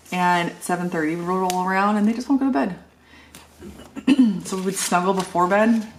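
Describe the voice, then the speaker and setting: A woman's voice: lowish voice, vocal fry, slight background noise. A middle-aged woman vlogging in a casual, rambling way, telling a family story with lots of filler words. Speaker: planner vlogger. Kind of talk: casual chat.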